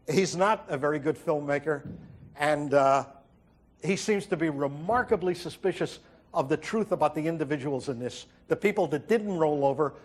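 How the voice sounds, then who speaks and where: A man delivering a wry stand-up monologue as host, telling stories and acting out quotes with halting fillers. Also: a little high. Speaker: comedian host. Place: TV studio with audience.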